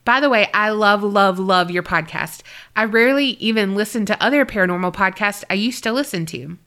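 A woman's voice: mid-range voice, fairly quick, fairly bright tone, smooth. A woman co-hosting a paranormal podcast, reading a listener's story aloud and chatting. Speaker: podcast co-host.

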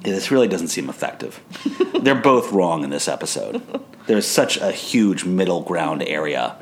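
Deep-voiced man with wry, lively delivery. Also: moderate pace, slight background noise. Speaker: podcast co-host. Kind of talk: casual recap chat.

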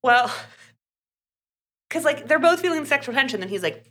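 A young woman co-hosting a podcast, talking casually through a story. Her voice is bright and forceful, with plenty of "like" fillers. She recaps the plot and slips into quick impressions of the characters along the way. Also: sits high, expressive. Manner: chatty, many "like" fillers, acts out characters' lines. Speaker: podcast co-host reviewing a romance novel. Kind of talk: casual chat, retelling a plot.

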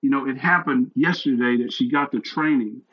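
Older male guest, earnest animated storyteller, mid-pitched voice, slightly dull lo-fi recording. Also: moderate pace. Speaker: guest, retired fire captain and chaplain. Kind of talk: storytelling interview.

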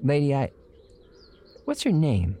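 A man's voice: medium pitch, huge pitch swings, slow pace, warm tone, full character voice. An actor playing an earnest young man who narrates his own time-travel adventure in a folksy, colloquial way and stammers when flustered, in old-time radio drama style. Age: young adult. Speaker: narrator and lead character.

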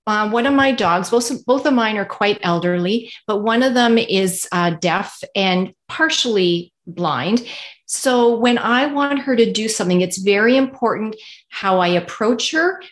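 A woman co-hosting a relaxed podcast. She speaks thoughtfully and conversationally, and draws on her own experiences. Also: mid-range voice, a little slow. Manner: thoughtful, sharing personal examples.

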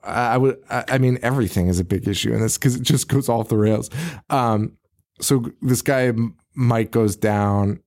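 A man's voice: mid-range voice, normal speed, darkish tone. Laughing, profane man recapping a film. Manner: profane, laughing, acts out characters' lines. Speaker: podcast host. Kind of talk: casual movie recap chat.

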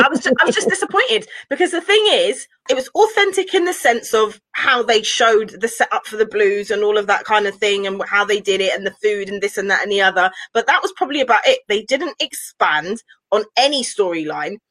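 A woman talks in lively, casual podcast chat, her voice sitting at an ordinary middle pitch. She keeps piling up rhetorical questions with growing exasperation. The sound is dry and close, with no room echo. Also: brisk, few pauses. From West London. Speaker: podcast co-host reviewing a film.

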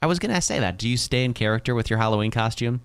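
A male morning radio host with a bouncy, animated delivery that swings up and down as he jokes with his co-hosts. His voice is close and dry on a studio mic, with no room sound at all. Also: medium pitch, rapid-fire, clean tone, dry recording. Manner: animated, joking, talkative. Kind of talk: casual studio banter. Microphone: studio microphone.

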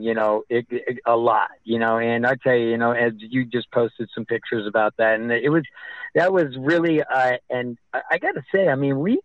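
A man being interviewed on the radio, telling stories in a halting, rambling way with many restarts. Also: mid-range voice, no room sound, lo-fi sound. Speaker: guest, festival organizer.

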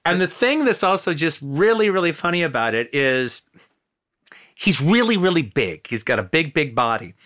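Man, podcast host, excitable, lively swooping delivery, bright tone, lots of "uh"s. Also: on the high side, moderate pace. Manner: animated, excitable, many "uh" fillers, swearing. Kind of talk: casual film discussion.

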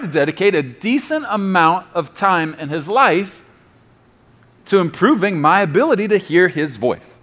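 A man's voice: high-pitched, big pitch swings, normal speed, a bit bright. A man preaching a sermon as pastor, emphatic and appealing directly to the congregation, repeating key phrases for stress.

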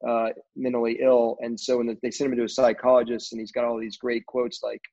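A man in casual conversation, telling rambling, animated stories about his career in film, with lots of fillers and restarts. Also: mid-range voice, fairly quick. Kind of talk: casual storytelling interview. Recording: dull lo-fi audio.

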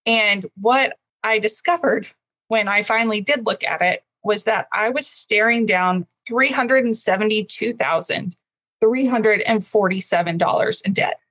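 A woman from Texas in her thirties tells her own story as an interview guest. She speaks in an earnest, emotional way at an ordinary pitch. The sound is close and dry, with no room around it. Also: a little slow, fairly bright tone, no room sound, rough recording. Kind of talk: candid personal story in an interview.

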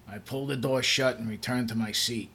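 A man's voice: mid-range voice, fairly even intonation, moderate pace, bright, forceful tone, slightly rough. Dry, matter-of-fact male narrator. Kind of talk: first-person narration of a story.

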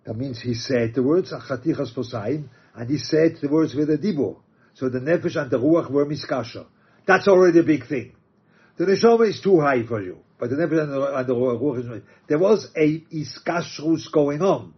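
A man teaching a religious text, reading quotes aloud and explaining them halting restarts. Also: a little high, lively intonation, slightly rough. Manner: reads Aramaic and Hebrew quotes then explains in English, halting restarts. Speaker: Torah teacher. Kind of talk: text study lecture. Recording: dull lo-fi recording.

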